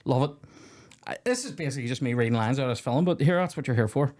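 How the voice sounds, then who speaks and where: A man's voice: mid-range voice, expressive, fast talker, darkish tone. A young Scottish man hosting a comedy podcast, chatting casually and joking with a lot of swearing. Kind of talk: casual chat.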